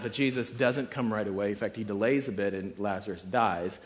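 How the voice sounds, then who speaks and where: A male pastor preaching in an easy, conversational way, leaning on "like" as he talks. He slips into the voices of the people he quotes, then falls back to plain explaining. His pitch sits at an ordinary middle level for a man. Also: moderate pace, fairly bright tone. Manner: casual and conversational, with frequent "like" fillers. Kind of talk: sermon.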